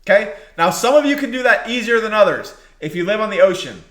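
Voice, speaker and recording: A man's voice: sits high, expressive, fast talker, fairly bright tone, reverberant. A man preaching a sermon, exhorting his listeners and repeating key phrases for emphasis.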